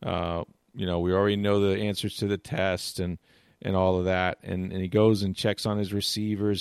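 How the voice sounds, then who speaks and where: A man with a lowish voice talks sports in a casual, rambling way. He restarts often and scatters "you know" through his sentences. He retells game moments with animation, and the sound is dry and close. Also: little pitch movement, moderate pace, darkish tone, clean tone, dry recording. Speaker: sports commentator. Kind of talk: casual chat.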